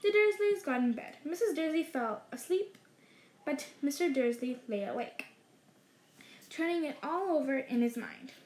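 A woman reading a story aloud in a measured way, slowing down for dramatic phrases. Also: high voice, darkish tone. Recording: roomy echo.

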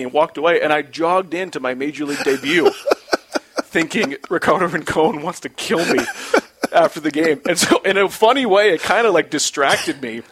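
A man in his forties, a former pitcher, telling a story in a casual, animated way with many restarts. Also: moderate pace.

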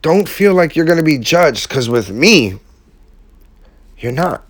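A man's voice: a little high, sing-song, takes it slowly, no room sound. A man giving a heartfelt, casual motivational talk to his viewers, using slang and emphatic repetition. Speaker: vlogger speaking to his audience.

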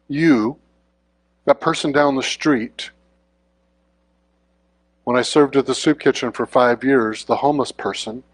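A man preaching in a relaxed, conversational way, tossing quick questions to the congregation as he goes. His voice sits at an ordinary middle pitch for a man. It is recorded close up and dry, with almost no room sound. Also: no echo. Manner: informal, often checks in with the congregation. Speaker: guest preacher. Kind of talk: conversational sermon.

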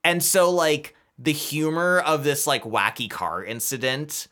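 Male podcast co-host, bright tone, animated casual recapper. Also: fairly high pitch. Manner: animated, retells scenes with quick quoted voices. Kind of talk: casual chat.

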